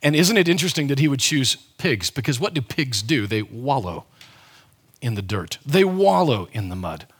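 A man's voice: medium pitch, big pitch swings, normal speed, fairly bright tone, breathy edge. A man pastor giving a conversational, emphatic sermon, often restarting his sentences as he explains a Bible passage.

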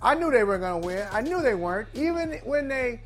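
An emphatic co-host in a casual sports debate, sounding incredulous and scolding with mock outrage. A voice in the middle of the pitch range, with faint music playing underneath. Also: big pitch swings, fairly quick, a bit bright.

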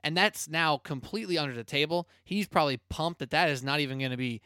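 Man, podcast host, energetic casual sports talk, clear resonant voice, dry close mic. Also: fairly high pitch, fast, no echo. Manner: energetic, blunt, chatty.

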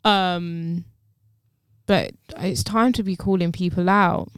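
A woman, co-hosting a casual podcast and telling stories in an animated, indignant way, swearing freely. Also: slow, smooth, no echo, studio quality. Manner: animated storytelling with swearing, jumps high when indignant. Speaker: podcast co-host.

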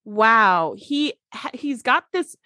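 A woman co-hosting a podcast, retelling scenes of an episode with expressive storytelling and quick agreeing interjections. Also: a little high, dry recording, clean studio sound. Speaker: podcast co-host. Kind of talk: casual chat recapping a TV episode.

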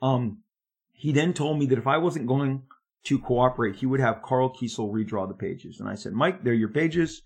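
Husky, animated storyteller man in his 50s. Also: medium pitch, normal speed. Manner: animated, emphatic, speeds up when excited. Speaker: comic book artist. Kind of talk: storytelling monologue.

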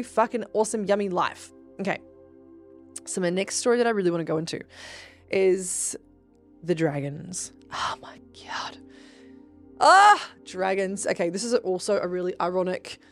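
A young woman hosting a podcast, telling spiritual stories in a casual, profane, animated way that jumps into excited shouts. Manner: animated, profane, bursts into high excited shouts when reenacting. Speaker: podcast host. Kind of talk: casual storytelling monologue.

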